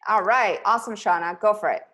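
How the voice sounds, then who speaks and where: A fast-talking middle-aged woman with a mid-range, slightly bright voice hosts a business coaching webinar for yoga teachers via video call. She keeps things upbeat with pep talk and breaks into laughter frequently.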